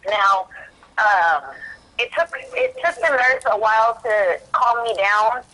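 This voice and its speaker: A woman's fairly high voice, pushed and bright, moves at a slow pace on a rough recording. As a podcast guest speaking from prison, she tells her own story candidly, rambling with frequent fillers and restarts and acting out what went through her head back then.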